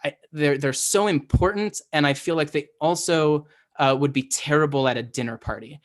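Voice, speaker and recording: A man's voice: on the high side, moderate pace. A man giving a casual, conversational Hebrew lesson, often checking in with "right?" and restarting his sentences. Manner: conversational, self-correcting, asks "right?" often. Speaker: Hebrew teacher. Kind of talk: casual lecture.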